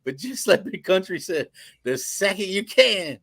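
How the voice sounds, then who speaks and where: A man on a talk panel who answers with lively, laughing chatter. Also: sits high, measured pace, gravelly, dry recording. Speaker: panel guest. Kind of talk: comedic chat.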